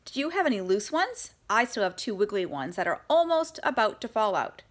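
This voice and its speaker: Woman voicing a spunky young schoolgirl, chatty, indignant, high and bright. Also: big pitch swings, fairly quick, lightly acted. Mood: eager.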